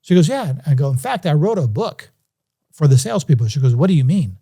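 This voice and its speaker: Male podcast guest, warm and relaxed tone, slightly high pitch, animated storyteller. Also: brisk, breathy edge. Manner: animated, acts out quoted voices. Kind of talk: casual storytelling.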